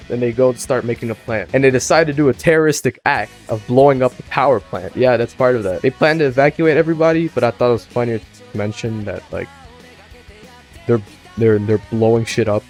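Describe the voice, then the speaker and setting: A young man casually retelling a movie plot for a student project, joking, swearing freely and jumping up in pitch when he gets excited. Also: fairly quick, soft background music. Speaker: student presenter.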